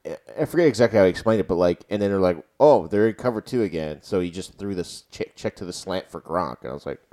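Excitable young man in sports banter. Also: sits low, fast. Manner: excitable, swears and yells when reliving plays. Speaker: podcast co-host. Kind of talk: casual sports chat.

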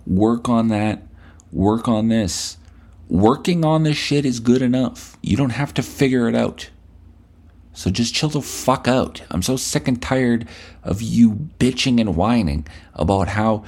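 A man's voice: mid-range voice, measured pace, a little mellow, slightly rough. A male podcast host delivering a blunt, profane, scolding rant at the listener. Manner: blunt, scolding, heavy swearing.

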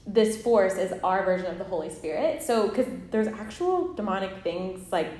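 A woman in her thirties co-hosting a casual faith podcast, chatty and animated, laughing often. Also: mid-range voice, moderate pace. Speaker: podcast co-host. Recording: echoey room.

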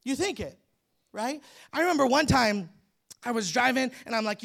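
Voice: medium pitch, expressive, moderate pace, gravelly, long pauses, fairly bright tone. A preacher giving a sermon in a conversational, humorous storytelling manner and speaking straight to the congregation. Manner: addresses the congregation directly.

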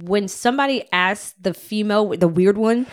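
A woman's voice: medium pitch, moderate pace, clean tone. A woman co-hosting a podcast, joking bluntly and bursting into laughter in casual chat. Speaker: podcast co-host.

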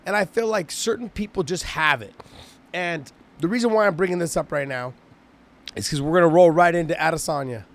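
A man chatting as co-host, circling back on his points with frequent restarts and casual swearing. His voice is a bit high for a man. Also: brisk. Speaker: co-host, fighter. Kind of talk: casual chat.

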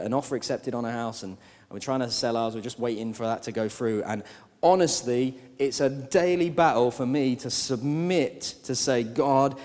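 A male pastor preaching a sermon, swinging from hushed, slow lines to loud, animated outbursts. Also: mid-range voice. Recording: long hall reverb.

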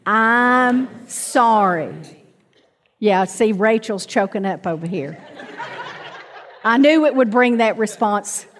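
A woman's voice: mid-range voice, measured pace, pauses often, big-room sound. A middle-aged woman preaching a sermon to a congregation, calling out for amens and asking them to repeat after her. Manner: calls out to the congregation, asks for amens.

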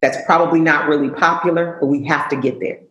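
A woman's voice: low-pitched, steady tone, fast talker, fairly bright tone, reverberant, lo-fi sound. A woman police chief answering on a panel, earnest and emphatic, often repeating words as she thinks.

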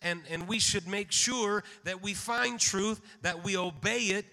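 A high-pitched man preaches a sermon. His voice is bright and forceful, and it rings with long reverb through a church sanctuary. He speaks in a measured way and calls out amen. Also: gravelly. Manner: measured, slows for scripture readings, calls out amen.

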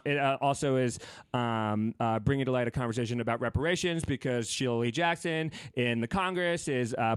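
A man's voice: medium pitch, clean tone, no room sound. A man co-hosting a podcast in casual chat, rambling with fillers and restarts, joking and swearing. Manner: profane, joking. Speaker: podcast co-host.

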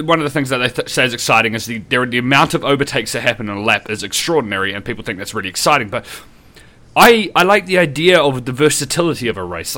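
A young man with a New Zealand accent chats on his podcast in a loose, sweary rant. His tone is bright and forward, and his pitch rises and falls a great deal as he gets worked up. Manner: sweary, animated ranting. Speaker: podcast co-host. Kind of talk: casual podcast chat.

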